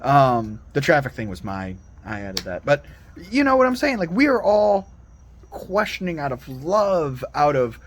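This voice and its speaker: A man's voice: on the high side, sing-song, unhurried. A man giving a rambling, earnest solo monologue as a Christian video commentator, full of digressions and restarts.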